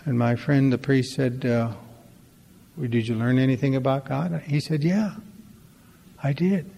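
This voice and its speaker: A man's voice: mid-range voice, steady tone, normal speed, gravelly, mellow, in a large hall. A man giving a storytelling talk at a recovery meeting, conversational and wry, acting out the dialogue in his stories.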